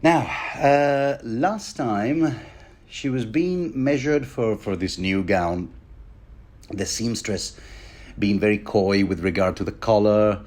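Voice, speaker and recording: Rambling man with a low voice. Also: slow pace, a little mellow. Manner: wry, conversational, frequent stammered restarts. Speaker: podcast host. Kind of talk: rambling book chapter commentary.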